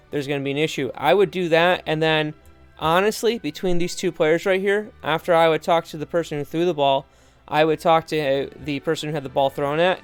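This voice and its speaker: A man's voice: a little high, clear, resonant tone. A man talking referees through game footage in an earnest, conversational way, full of asides and restarts. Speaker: referee trainer. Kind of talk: instructional video commentary.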